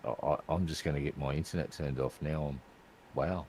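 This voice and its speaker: A man's voice: a bass voice, steady tone, a little fast, darkish tone, slight background noise, rough recording. A man, co-hosting a casual podcast with teasing, mock-shocked banter. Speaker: podcast co-host.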